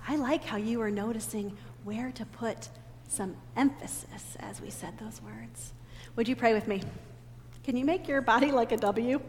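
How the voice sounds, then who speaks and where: Animated high-voiced woman leading children. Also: normal speed. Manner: animated, teacherly, call-and-repeat. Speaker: children's message leader. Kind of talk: children's sermon. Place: church sanctuary. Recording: long reverb in a big church hall, faint ambient noise.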